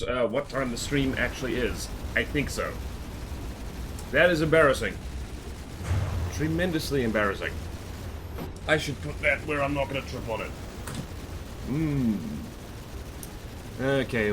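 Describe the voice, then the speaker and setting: A man's voice: mid-range voice, sharp tone, slight background noise. An Australian man chatting playfully on a live stream, teasing himself and humming as he works. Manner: playful, self-mocking, chatty, hums to himself. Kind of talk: casual live-stream chat while working.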